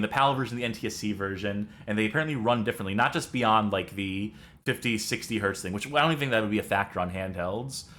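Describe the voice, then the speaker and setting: A man's voice: fairly low pitch, a bit bright. A young man hosting a let's-play show, rambling enthusiastically and poking fun at himself. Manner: rambling, enthusiastic, self-deprecating. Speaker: game show co-host.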